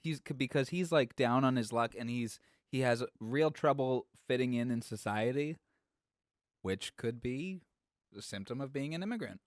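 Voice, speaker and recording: A man's voice: medium pitch, animated, moderate pace, dry recording. Man, podcast co-host, casual chat, analytical, dry close sound. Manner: analytical, cites film details readily.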